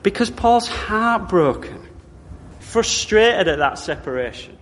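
Male British preacher, bright lively pitch, conversational wry sermon, reverberant church hall. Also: slow. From Britain. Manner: wry, conversational preaching with rhetorical tag questions.

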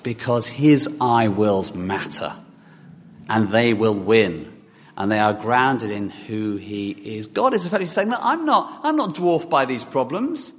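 A man preaching a sermon to a congregation, reading scripture aloud and putting direct questions to his listeners. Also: on the high side. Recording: long hall reverb in church.

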